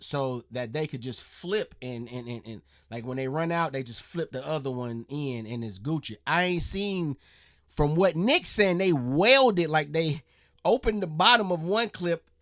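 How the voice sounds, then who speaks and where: A man hosting a reaction video, rambling and thinking out loud in casual slang. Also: on the high side, no echo, clean studio sound.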